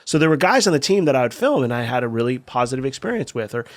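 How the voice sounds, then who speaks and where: A man's voice: medium pitch, sing-song, racing. A middle-aged man from California, a skate video filmer, telling a story casually in a podcast interview, profane and acting out the voices of the people he quotes.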